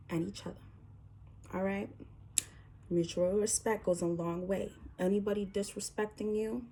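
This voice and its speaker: A woman's voice: medium pitch, little pitch movement, normal speed, pauses often, warm tone, a little hiss or hum. A woman delivering a spiritual message to her viewers, reassuring and emphatic, sometimes dropping to a whisper. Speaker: spiritual reader.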